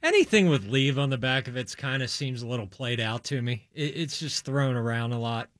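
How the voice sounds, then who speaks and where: Bright-voiced joking co-host, a man. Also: medium pitch, fairly quick. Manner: laughing, playful banter. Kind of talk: casual sports talk.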